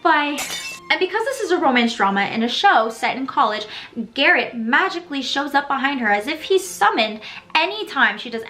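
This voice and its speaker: A woman in her twenties recapping a TV episode in a casual vlog, dramatic and sassy with animated asides. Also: high-pitched. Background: faint background music.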